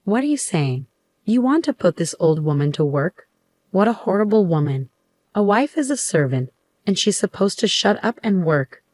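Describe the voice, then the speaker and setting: A woman's voice: medium pitch, very animated, normal speed, a little mellow, dry recording. A woman voicing a bossy, cruel old mother-in-law who barks orders and scolds in a commanding tone. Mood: ranting.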